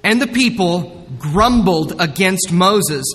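Male pastor, high voice, slow and emphatic sermon delivery, big echoing hall. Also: lively intonation, a bit bright. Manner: earnest, emphatic preaching with dramatic retellings.

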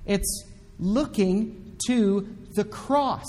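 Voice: medium pitch, expressive, measured pace. A pastor preaching a sermon with emphasis, repeating the key commands again and again. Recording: long echoey hall reverb.

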